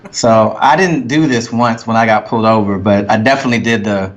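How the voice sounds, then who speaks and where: Man telling stories at an easy pace. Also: fairly low pitch. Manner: unhurried storyteller, profane. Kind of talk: casual storytelling chat.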